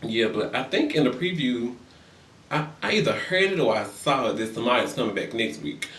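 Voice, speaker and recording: A man's voice: medium pitch, big pitch swings, moderate pace, fairly bright tone. A young man recapping reality TV in a sassy, profane gossip rant, acting out other people's lines. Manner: sassy, profane, acts out quoted voices. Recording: echoey room, far from mic.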